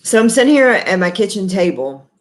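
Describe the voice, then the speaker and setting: A middle-aged woman from Texas hosts a casual livestream from her kitchen table, her mid-range voice sing-song and fairly quick. She chats in a folksy, rambling way full of fillers, captured by her laptop's built-in mic.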